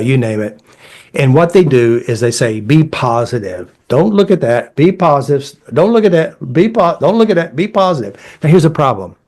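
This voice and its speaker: Folksy middle-aged man telling stories. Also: medium pitch. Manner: animated, acts out quoted dialogue in shifting voices; blunt, folksy phrasing with fillers. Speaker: therapist and creator of a healing method. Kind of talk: casual storytelling in conversation.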